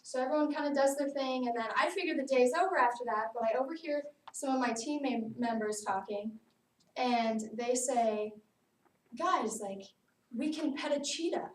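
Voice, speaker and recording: A young woman giving a personal narrative speech to a class, lively and casual, often saying "like". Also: high voice, moderate pace. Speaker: student speaker. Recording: echoey room, far mic, faint noise.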